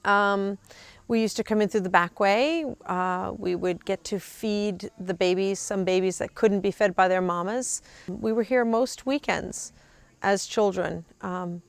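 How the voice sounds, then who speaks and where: Smooth-voiced woman reminiscing fondly. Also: medium pitch, steady tone, moderate pace, no room sound. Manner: fond, storytelling. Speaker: granddaughter of a former worker. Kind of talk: documentary interview.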